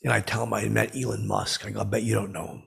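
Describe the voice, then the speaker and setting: A man's voice: fairly low pitch, flat delivery, fast, fairly bright tone, exaggerated voice. A man putting on a clueless, lonely, brash oddball, telling a rambling comedic story full of fillers and restarts. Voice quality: gravelly, husky. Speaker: comedic podcast host in character.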